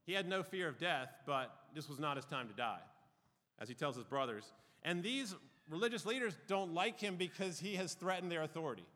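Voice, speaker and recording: Man, fairly high bright voice, casual Bible teacher, long hall reverb. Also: animated, a little fast. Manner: conversational, with frequent ums and uhs.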